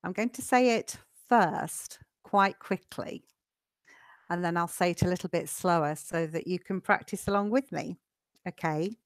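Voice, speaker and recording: Lady teaching english online, slow and patient, dry close mic. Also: lowish voice, dry recording. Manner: chatty, patient, slows down for learners. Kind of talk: live online English lesson.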